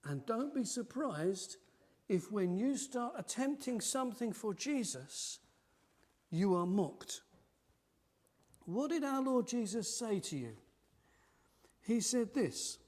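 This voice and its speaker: Animated preacher. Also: male voice, very high voice, takes it slowly, pauses often. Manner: animated, acting out the mockers' voices. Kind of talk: sermon. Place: church.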